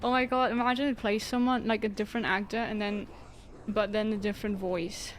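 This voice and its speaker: Chatting casually on a game stream, a woman jokes and laughs a lot as playing on a dance pad wears her out. Her medium-pitched voice comes across flat and brisk, with slight background noise behind it.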